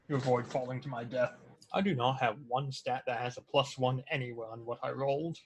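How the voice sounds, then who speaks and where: A man at the gaming table, quick to joke and animated as he reacts to his dice. His voice sits in a middle register. Faint noise hums underneath, with the odd click. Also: medium pitch. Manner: animated, joking. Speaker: player. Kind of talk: casual tabletop game chat.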